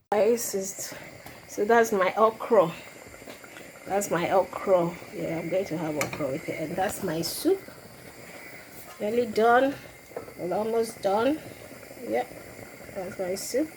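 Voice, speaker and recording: A woman's voice: mid-range voice, noisy background. A middle-aged woman from Ghana chatting casually to her viewers as she cooks in her home kitchen, laughing often. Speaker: cooking vlogger. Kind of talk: casual cooking demonstration.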